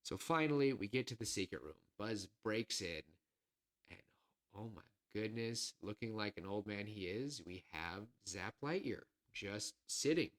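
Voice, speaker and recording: A man co-hosting a podcast, chatting casually and pitching a film idea, rambling with lots of fillers and self-corrections, a little nervous. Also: lively intonation, unhurried, fairly bright tone. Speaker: podcast co-host.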